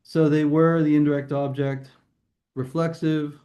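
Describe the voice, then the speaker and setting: A man's voice: a little high, flat delivery, measured pace, warm tone. A man tutoring grammar in a recorded lesson, explaining casually with fillers and restarts. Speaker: test prep tutor.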